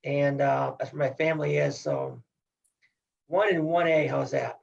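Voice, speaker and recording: Gravelly, folksy middle-aged man from Iowa. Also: medium pitch, unhurried, lo-fi sound. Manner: emphatic, upbeat and folksy. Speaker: guest wrestling coach. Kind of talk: casual podcast interview.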